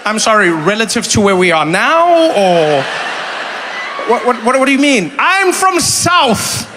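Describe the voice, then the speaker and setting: A man in his forties from South Africa doing stand-up and crowd work, animated and acting out little voices as he talks, laughing along with the room. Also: high voice, moderate pace, big-room sound, background noise. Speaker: comedian. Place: comedy venue with a live audience.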